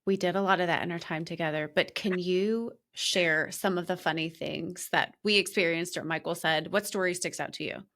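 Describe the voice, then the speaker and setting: Woman podcast host, animated storyteller. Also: fairly low pitch, moderate pace, few pauses. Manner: animated, laughing storyteller with many restarts. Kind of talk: casual conversation.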